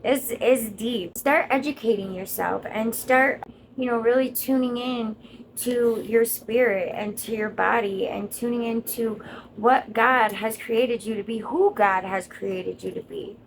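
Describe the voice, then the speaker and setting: A woman's voice: on the high side, measured pace, vocal fry, slight background noise, rough recording. A woman content creator giving an earnest, encouraging motivational monologue straight to her viewers.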